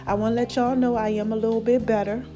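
High-voiced woman podcaster, a bit out of breath. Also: flat delivery, fast, over music. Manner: affectionate, preachy, addresses listeners as babies. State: slightly out of breath, swollen throat. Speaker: podcast host. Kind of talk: casual motivational monologue.

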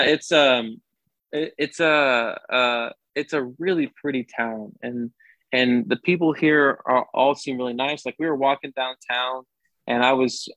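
A man's voice: medium pitch, fairly bright tone, no echo, poor audio. A young man, a sports anchor, chatting casually as a podcast guest and often restarting his sentences with upbeat energy.

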